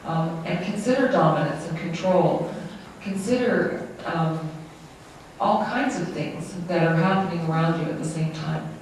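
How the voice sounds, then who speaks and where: An interpreter voicing a lecture live, in a halting, self-correcting way. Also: mid-range voice. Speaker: sign language interpreter. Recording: very echoey room, distant mic, faint noise.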